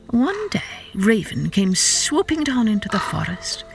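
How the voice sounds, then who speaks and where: A woman telling a folktale to children, expressive and playful, voicing sound effects as she goes. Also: mid-range voice, a little slow, creaky, hardly any pauses, music in the background. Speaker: children's storyteller. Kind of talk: storytelling narration for children.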